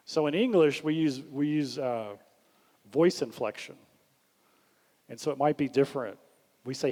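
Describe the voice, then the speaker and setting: A man giving a leadership workshop talk, animated, acting out the questions he suggests. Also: medium pitch, unhurried, long pauses. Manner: animated, acts out questions in a lifted voice. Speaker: workshop speaker. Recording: long hall reverb.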